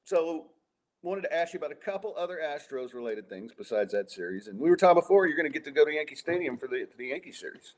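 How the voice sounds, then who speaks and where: A man's voice: on the high side, big pitch swings, quick pace, a little hiss or hum. A man hosting a sports podcast in a loose, conversational way. He chats freely about the team and keeps tossing open questions to his guest. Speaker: podcast host. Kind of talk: casual sports chat.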